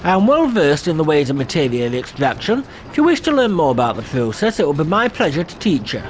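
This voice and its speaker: A man's voice: fairly high pitch, big pitch swings, brisk. A man putting on a formal lore teacher with a dodgy accent. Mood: instructive. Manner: stilted put-on accent, read aloud with stumbles. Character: learned teacher of soul-crystal lore, formal.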